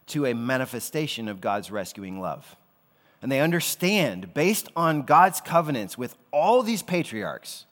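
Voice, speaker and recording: A pastor delivers a sermon in an easygoing, conversational tone, mixing slang asides into his teaching. His voice sits at a middling pitch. It rings out with a long reverb, like a large church sanctuary.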